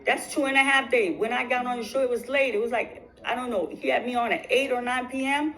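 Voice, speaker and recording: A woman's voice: a little high, steady tone, brisk, fairly bright tone, rough recording. A woman vlogger telling her viewers a long personal story in casual talk. She keeps repeating phrases for emphasis and restarts her sentences.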